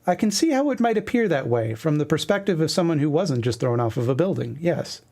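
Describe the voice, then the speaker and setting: A man's voice: a little high, big pitch swings, brisk, vocal fry, mellow, full character voice. Man doing a sullen, fed-up young guy. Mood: bitter. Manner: sullen, muttering.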